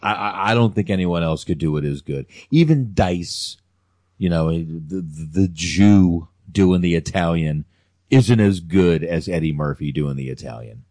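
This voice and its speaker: Deep-voiced halting podcast co-host. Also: male voice, dark tone, no echo, clean studio sound. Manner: halting, repeats words, profane. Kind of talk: casual chat.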